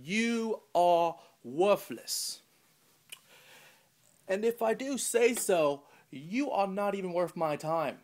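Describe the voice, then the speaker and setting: A man with a cold putting on a mock-posh British gentleman voice, loud and sneering. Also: high-pitched, animated, takes it slowly. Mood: haughty sneering. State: has a cold.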